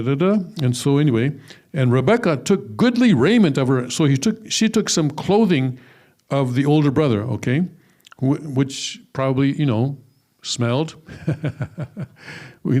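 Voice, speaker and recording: A man's voice: mid-range voice, a little mellow. A man teaching a scripture lesson, reading aloud and breaking off into casual asides with many fillers and restarts. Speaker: religious teacher.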